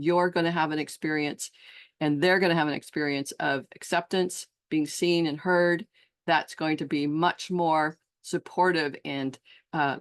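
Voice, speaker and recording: A middle-aged woman coach giving a reflective solo talk to fellow coaches, earnest and musing, who slips into the voices of clients. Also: low voice. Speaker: transformational coach and trainer.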